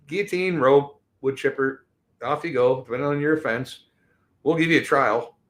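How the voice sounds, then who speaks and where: A mid-pitched man holds forth in an angry, profane rant. His voice spikes into loud bursts, then drops to low mutters. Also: expressive, brisk. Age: 50s. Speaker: show host.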